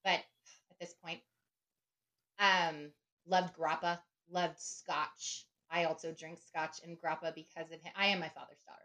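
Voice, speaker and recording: A woman's voice: on the low side, little pitch movement, a little slow, sharp tone. A middle-aged woman speaking as an author guest in a casual interview. She is chatty, often adds "right?" and laughs easily.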